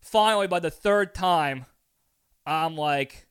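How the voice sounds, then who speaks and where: A man hosting a podcast, telling a story in a casual chat in an animated way, acting out scenes and laughing often. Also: a little high, slow pace, clear, resonant tone. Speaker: podcast host.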